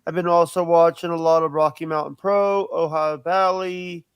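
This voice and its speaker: A man's voice: on the high side, little pitch movement, moderate pace, clean tone, no room sound. A man on a chat panel, talking eagerly and rattling off lists. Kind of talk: casual chat.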